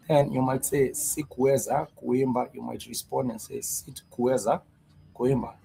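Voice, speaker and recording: Gravelly man teaching slowly. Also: mid-range voice, dark tone, a little hiss or hum, low-quality recording. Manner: slow, repetitive explaining with many fillers. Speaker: Swahili teacher. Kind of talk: live-streamed language lesson.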